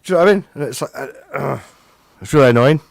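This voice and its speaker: Gravelly and rapid-fire at a medium pitch, a man from Scotland hosts a livestream, chatting loosely with viewers as he reads the chat, rambling and poking fun at himself while a bit tipsy. The audio is dry.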